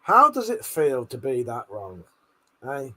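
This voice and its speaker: A man's voice: mid-range voice, wildly swooping pitch, unhurried, bright, forceful tone. A man on a live stream, reading chat comments aloud in a brash, sweary, jokey way with frequent laughter.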